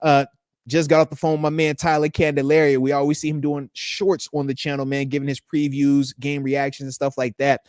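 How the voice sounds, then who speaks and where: A man in his thirties hosts a live stream, bantering loosely with viewers in animated slang. His voice sits high for a man. The sound is close and dry. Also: brisk, clear, resonant tone, no echo. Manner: animated, slangy, teasing, says man a lot. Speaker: live show host, retired football player. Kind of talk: casual live-stream chat reading comments.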